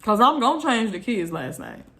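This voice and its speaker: A woman's voice: a little high, very animated, moderate pace, sharp tone. A woman vlogger, venting bluntly and repeating herself in an exasperated rant to her viewers.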